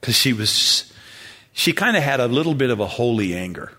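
A pastor preaching a sermon in a church, telling stories in a relaxed, conversational way and chuckling often. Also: male voice, mid-range voice, moderate pace.

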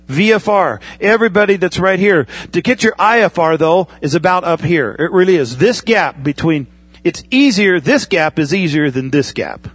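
A man with a raised, slightly husky voice delivers a sermon in an easygoing, talk-to-you manner. He keeps checking in with his listeners as he goes. The sound is dry and close, with little room around it. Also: high voice, animated, normal speed, dry recording. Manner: conversational preaching with pilot analogies and asides. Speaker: pastor.

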